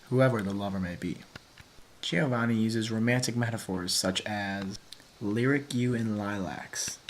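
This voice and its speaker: Young male vlogger, lowish voice, playful and tongue-in-cheek, light hiss behind. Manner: playful, with mock-dramatic asides. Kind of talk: casual literary analysis.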